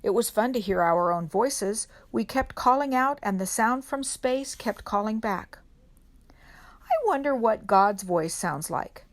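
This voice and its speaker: Woman reader, slightly high voice, gentle storybook read-aloud for kids, unhurried, pauses on questions. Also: expressive. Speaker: reader at a children's worship service. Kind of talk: reading a children's picture book aloud.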